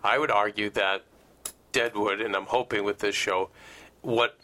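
A man's voice: on the low side, steady tone, measured pace, pushed and bright. A man on a TV discussion panel arguing his views emphatically and repeating words as he builds his point.

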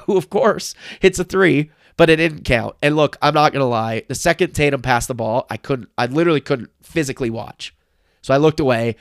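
A young man hosts a solo sports podcast, talking through a playoff game as an excitable, emphatic fan. His voice sits a little high with a gravelly fry. The recording is dry and close to the mic. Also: no echo. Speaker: podcast host.

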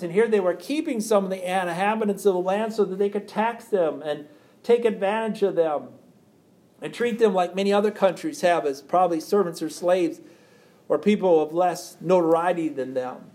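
Earnest preacher man, slightly high voice. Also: a little mellow. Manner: reads scripture aloud then explains it, with repeated rhetorical questions. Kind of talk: sermon.

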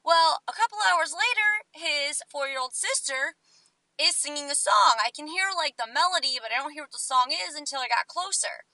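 High, bright young woman telling stories. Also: normal speed, no room sound, low-quality recording. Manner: chatty and animated, acting out quotes. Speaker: vlogger. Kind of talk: storytelling vlog.

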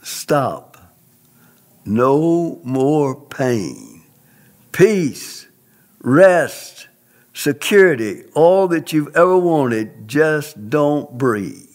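A man voicing a soothing, deceptive male spirit that poses as God, speaking slowly and softly with a coaxing tone. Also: fairly high pitch, lively intonation, full character voice. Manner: slow, hushed, coaxing.

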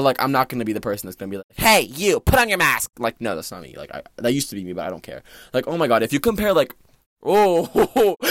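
Recording from a small closet, this teenage podcast host talks solo, rambling and animated, his speech full of fillers. He has a mid-range male voice, and the sound is clean and studio-like with no room sound.

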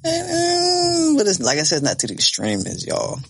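A man in his twenties telling a story in casual podcast chat, animated and profane, laughing as he talks. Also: mid-range voice, quick pace, creaky, a little hiss or hum. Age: 20s. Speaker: podcast co-host.

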